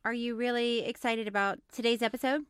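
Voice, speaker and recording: A woman co-hosts a podcast in relaxed, chatty conversation, giggling easily and letting her sentences trail off. Her voice is slightly high. The recording is close and dry. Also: fairly quick, clean tone, no room sound. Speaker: podcast co-host. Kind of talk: casual chat.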